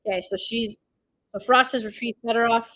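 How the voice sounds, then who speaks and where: A woman streaming a watch party, blurting excited reactions, swearing, and recapping the plot in loose, rambling sentences. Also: a little high, fairly quick, dry recording, poor audio. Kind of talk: live watch-party commentary.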